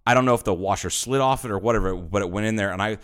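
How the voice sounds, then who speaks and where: A man co-hosting a podcast, telling stories in casual chat, animated and swearing freely. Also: lowish voice, very fast, smooth. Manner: animated storyteller, swears a lot, acts out quotes. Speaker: podcast co-host.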